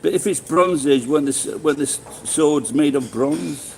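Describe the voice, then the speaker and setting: A man's voice: a little high, moderate pace, vocal fry, a little mellow, a little hiss or hum, poor audio. A middle-aged man with a Sheffield accent, live-streaming and chatting casually with viewers in a rambling, swearing way with many restarts. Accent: Sheffield English. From England.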